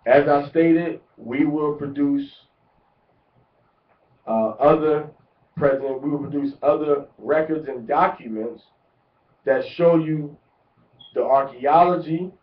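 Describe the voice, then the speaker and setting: A man giving a deliberate religious lecture, repeating words to drive each point home. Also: on the high side. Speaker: religious teacher. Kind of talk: instructional lecture. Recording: echoey, distant, muffled lo-fi.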